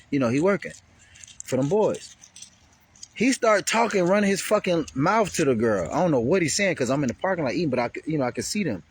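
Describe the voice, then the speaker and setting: A man's voice: fairly high pitch, slight background noise. A man vlogger telling a rambling, profane story in casual speech heavy with slang.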